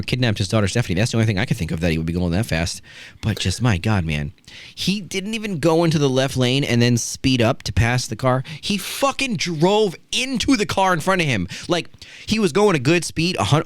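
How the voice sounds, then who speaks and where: A man's voice: mid-range voice, dry recording. A man hosting a casual wrestling podcast, ranting and swearing with mocking asides. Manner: profane, ranting, does mocking impressions. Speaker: podcast host.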